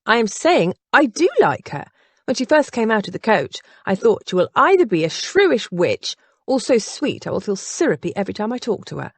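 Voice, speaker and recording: A woman's voice: mid-range voice, very animated, fairly quick, dry recording. A woman voicing an outspoken, teasing younger sister in an audiobook. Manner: bold, needling.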